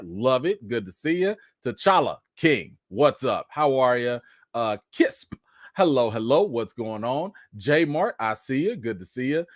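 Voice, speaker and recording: Lively man hosting a live chat. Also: medium pitch, dry recording, clean studio sound. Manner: animated, greets viewers one by one; laughing, chatty storytelling. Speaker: livestream host.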